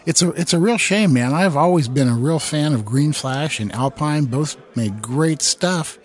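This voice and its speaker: A man's voice: on the high side, unhurried. Easygoing male podcast co-host. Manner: relaxed, easygoing, matter-of-fact. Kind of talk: casual chat.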